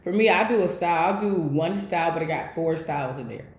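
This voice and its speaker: A woman's voice: on the low side, fast talker. A woman giving a casual tarot reading, speaking bluntly with plenty of swearing, straight to her viewers. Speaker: tarot reader. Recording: echoey room.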